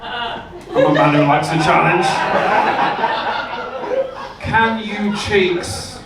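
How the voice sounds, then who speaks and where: A stand-up comedian tells his stories deadpan and lands punchlines in a high voice. He is heard from a distance in a roomy club, with live-room noise behind him. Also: extremely slow.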